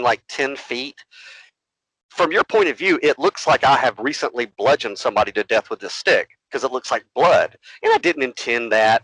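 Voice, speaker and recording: Male podcast co-host, animated storyteller, dry close mic. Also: medium pitch, dry recording, rough recording. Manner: animated storytelling, acts out other voices. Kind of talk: casual storytelling.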